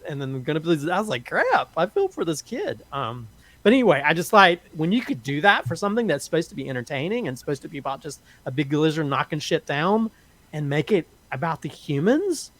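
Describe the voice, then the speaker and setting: Emotional, halting male film reviewer. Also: a little high, big pitch swings, a bit bright, no room sound. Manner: halting, with many restarts and repeated words; openly emotional, moved to tears. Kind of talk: casual podcast review.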